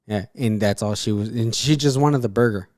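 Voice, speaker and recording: A man's voice: fairly low pitch, normal speed, darkish tone, no echo, studio quality. A man co-hosting a casual podcast, chatting loosely with lots of fillers and swearing. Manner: loose and profane, with frequent fillers and restarts. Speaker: podcast co-host. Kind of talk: casual chat.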